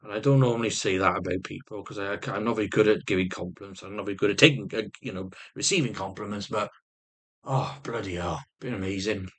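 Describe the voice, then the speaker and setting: A man's voice: on the low side, fairly even intonation, fast, fairly bright tone, breathy edge. A man vlogging with rambling personal storytelling, swearing constantly and restarting often.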